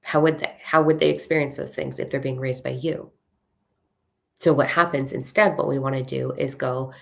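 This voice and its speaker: Very low, gravelly-voiced woman coach. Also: steady tone. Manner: frank, swears casually, drawn-out mantra reading. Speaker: spiritual coach. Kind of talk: casual livestream talk.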